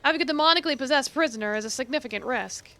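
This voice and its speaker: A woman's voice: sits high, racing, bright, forceful tone, no room sound. A woman streaming a game, reading its dialogue aloud and adding casual, swearing asides.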